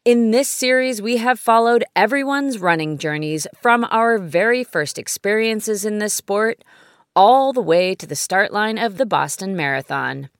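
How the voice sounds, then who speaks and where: Woman, fifties, podcast host: upbeat, welcoming read with a lively, swinging pitch and a dry, close sound. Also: dry recording. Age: 50s. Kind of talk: scripted podcast narration.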